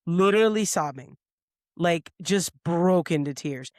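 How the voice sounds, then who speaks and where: A woman's voice: fairly low pitch, measured pace, no room sound. A woman co-hosting a podcast in a studio, telling a story in casual chat and acting out the lines of the people in it. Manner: lively storyteller who acts out quoted lines. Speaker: podcast co-host.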